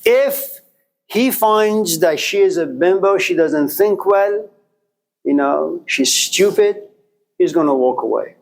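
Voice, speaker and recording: Guy lecturing a class, kinda high voice, slow and deliberate, asks then answers his own questions. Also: expressive, vocal fry, low-quality recording.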